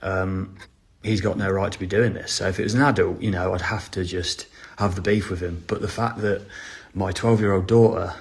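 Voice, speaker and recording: A man's voice: low voice, steady tone, normal speed, creaky. A middle-aged man leaving a voice message question, hesitant with lots of "um" fillers and a dry sense of humor. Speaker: listener sending a question. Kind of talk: recorded voice message.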